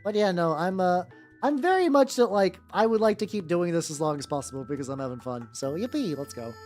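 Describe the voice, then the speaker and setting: Rambling male streamer with a lively voice. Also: sits high, fairly quick. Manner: rambling, many fillers and restarts, casual swearing. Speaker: VTuber streamer. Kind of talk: casual live-stream chat while painting miniatures. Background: faint background music.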